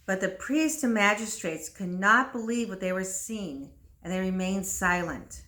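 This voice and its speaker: A woman reading a graded storybook aloud in a clear, careful, measured way. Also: mid-range voice, pushed and bright. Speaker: reader. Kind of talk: slow read-along storybook narration.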